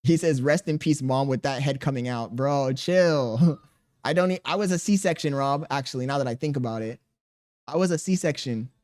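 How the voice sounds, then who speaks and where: A man's voice: medium pitch, moderate pace, a little mellow. A man in his thirties streaming live, reading viewers' chat aloud and answering with crude jokes and laughter. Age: 30s.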